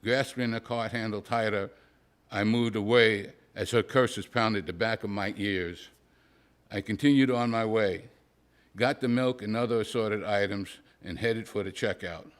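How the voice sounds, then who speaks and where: A man, a poet at a live reading, reading a humorous prose story aloud in a dry, wry, deadpan way. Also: fairly low pitch, measured pace. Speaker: poet reading his work.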